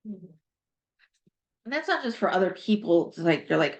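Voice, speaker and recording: Lady doing a chatty tarot reading, kinda low voice, rambles a lot, muffled lo-fi sound. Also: big pitch swings, normal speed, pauses often. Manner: rambling, reflective, with many fillers and asides. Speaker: tarot reader. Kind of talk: casual spoken tarot reading. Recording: dull lo-fi recording.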